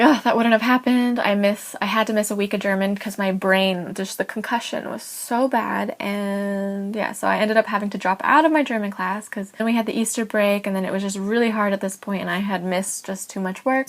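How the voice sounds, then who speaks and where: A young woman from California with an American accent, telling a personal story in a casual, chatty vlog full of "like" and light laughs. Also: mid-range voice. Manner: chatty and animated, with frequent "like" and laughs. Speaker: vlogger.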